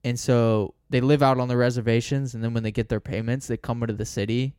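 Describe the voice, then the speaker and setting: A young man, a podcast co-host, chiming in and explaining in a relaxed, casual way. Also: medium pitch, fast, smooth, no echo, studio quality. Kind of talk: casual chat.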